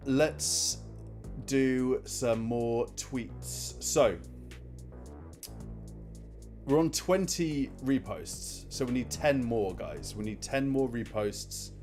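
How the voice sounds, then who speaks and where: A man's voice: mid-range voice, a little mellow. A man from Scunthorpe with a posh southern English accent, hosting a fantasy football livestream in upbeat, chatty banter. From Scunthorpe, northern England. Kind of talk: casual live-stream chat.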